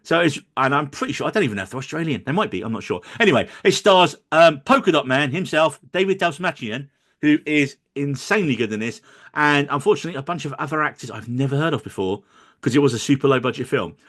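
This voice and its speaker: Man, higher pitched, casual film review chat, jokey. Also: lively intonation, fast talker, fairly bright tone. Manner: chatty, jokey, trips over names. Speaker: podcast co-host.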